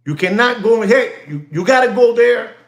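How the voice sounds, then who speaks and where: Animated high-pitched man in an echoey room. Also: moderate pace. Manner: animated, repetitive, drops Spanish phrases. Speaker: watch channel host. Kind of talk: livestream rant to viewers.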